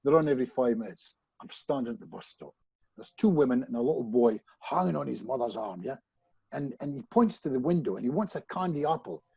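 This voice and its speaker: Gravelly, animated male storyteller. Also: mid-range voice, a little fast, no echo, low-quality recording. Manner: animated storyteller who often restarts phrases and addresses the host directly. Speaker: hypnotist guest. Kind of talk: storytelling anecdote in a podcast chat.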